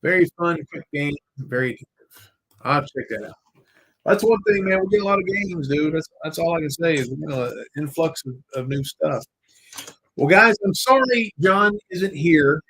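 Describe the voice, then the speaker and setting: This podcast host talks at a normal speed in a fairly high, husky, somewhat bright voice, captured on poor audio. He's chatting casually on a live stream, rambling, joking, and letting the occasional swear word slip.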